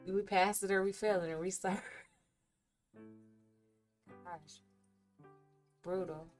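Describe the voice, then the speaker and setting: A woman's voice: mid-range voice, fairly even intonation, takes it slowly, faint music behind. A woman livestreaming her day trading, chatting candidly and animatedly with viewers about her ups and downs. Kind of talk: casual live-stream chat while trading.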